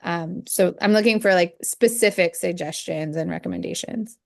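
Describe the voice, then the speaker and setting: A woman board member asking a deliberate, probing question at a public meeting. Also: lowish voice, gravelly, no room sound, clean studio sound.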